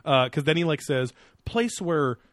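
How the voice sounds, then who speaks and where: A man's voice: fairly high pitch, expressive, unhurried, dry recording, clean studio sound. Sarcastic man in casual podcast chat. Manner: sarcastic and profane, with many fillers. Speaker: podcast co-host. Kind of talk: casual chat reviewing a TV show.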